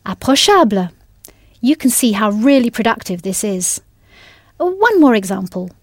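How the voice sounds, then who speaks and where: A woman's voice: a little high, sing-song, moderate pace, no room sound, clean studio sound. A woman teaching a language in a scripted audio lesson, patient and encouraging, spelling words out letter by letter.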